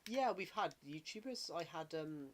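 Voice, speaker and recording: A man's voice: high-pitched, animated, moderate pace, a little hiss or hum. A man chatting casually on a gaming livestream, rambling and correcting himself as he talks.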